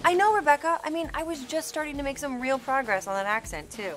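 A woman's voice: sits high, lively intonation, quick pace, loud music behind the voice. A woman hosting a casual TV recap, speaking in a bubbly, sarcastic way. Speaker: host.

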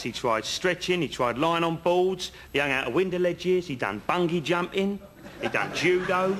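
A yarn-spinning decorator, slightly high voice, noisy outdoor sketch audio. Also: male voice. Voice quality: chatty, earnest storyteller, leading asides. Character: rambling working-class male painter spinning pointless yarns. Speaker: house painter. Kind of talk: comedy sketch acting. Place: outdoors on a bridge.

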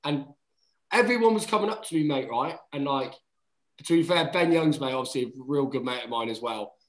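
A man, a rugby player, talks briskly in a mid-range voice while telling a story among friends, swearing, acting out what people said, and calling everyone mate. The recording is rough and roomy.

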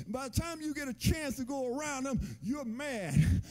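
A man pastor preaching a sermon in a church, with a chanting, sing-song delivery that rises to shouts. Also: extremely high pitch, animated, normal speed, hardly any pauses. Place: church sanctuary.

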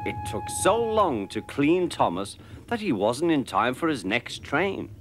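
Slow, lively British storybook narrator. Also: male voice, mid-range voice. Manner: measured, expressive storytelling. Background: music.

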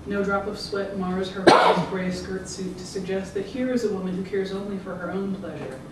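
Author reading fiction, measured rhythmic delivery, distant mic, audible room noise. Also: mid-range voice, very echoey. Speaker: author reading own work. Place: event room.

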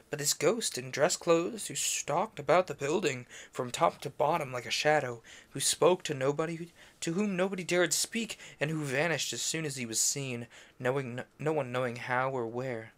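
A man's voice: fairly high pitch, fairly bright tone. A man reading a classic novel aloud on a stream, tripping over French names, correcting himself and adding brief offhand asides. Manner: adds brief offhand asides between passages. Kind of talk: casual read-aloud narration.

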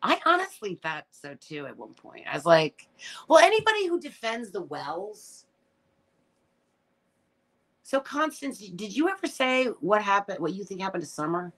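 A middle-aged woman hosting a casual livestream reads out comments and responds in a blunt, emotional, swear-filled manner, sometimes getting tearful. Her mid-range voice has a sing-song quality and a moderate pace.

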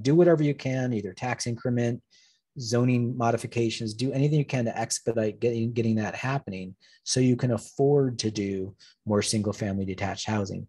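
A man's voice: mid-range voice, mellow, breathy edge, dry recording, clean studio sound. A man, an urban planning consultant, giving a public lecture with slides, talking plainly and telling wry anecdotes.

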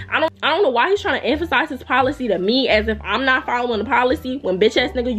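A young woman vlogger telling a storytime in a heated, profane, animated rant. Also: fairly high pitch, breathy edge.

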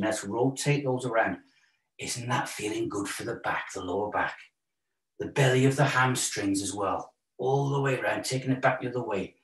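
Calm man guiding a stretch class. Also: medium pitch. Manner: calm, encouraging, counts breaths. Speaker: yoga instructor. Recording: roomy echo, voice a bit far from mic.

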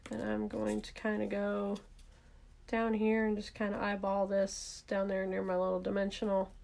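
In a relaxed, chatty craft demo, a Southern woman shows viewers how to make a handmade card, narrating every step aloud. She pauses to fix things and corrects herself as she goes, her mid-pitched voice slightly gravelly.

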